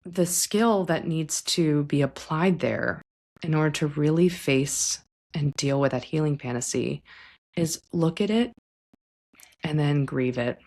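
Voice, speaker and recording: A woman therapist hosting a podcast, talking gently and reflectively about family and healing, sometimes acting out what clients and their parents might say. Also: low-pitched, measured pace. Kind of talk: conversational psychology talk.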